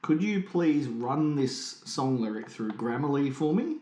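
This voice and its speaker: A man co-hosting a podcast in casual comedic chat, playful and quick to riff. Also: mid-range voice, expressive, warm tone. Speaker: podcast co-host. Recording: roomy echo.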